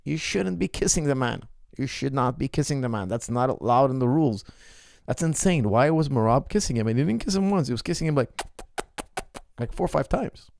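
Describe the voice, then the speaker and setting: Man, fight coach, casual podcast commentary, gravelly voice, dry close sound, emphatic, repeats himself. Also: mid-range voice, brisk, no room sound. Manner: animated, emphatic, repeats points. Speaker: MMA coach.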